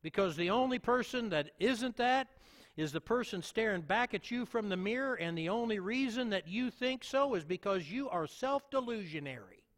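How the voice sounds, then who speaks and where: A man with a notably high voice preaches a sermon as a pastor, earnest and emphatic, circling back to repeat his key points. His words ring out with a long reverb, like a big sanctuary. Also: expressive, moderate pace.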